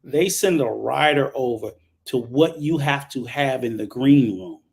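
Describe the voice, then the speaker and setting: A man's voice: medium pitch, animated, measured pace, vocal fry, a little mellow. Host guy talking casual, emphatic, swears here and there. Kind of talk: casual talk show chat.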